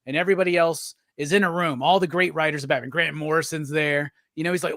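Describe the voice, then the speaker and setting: A man hosting a casual panel chat, jokey and animated, swearing freely. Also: fairly high pitch, fast, no room sound, clean studio sound. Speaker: host.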